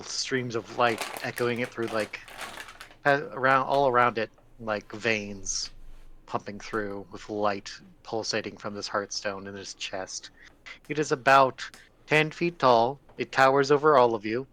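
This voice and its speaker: A man's voice: medium pitch, moderate pace, sharp tone, a little hiss or hum. A man narrating a tabletop game as game master, describing scenes casually and with many self-corrections.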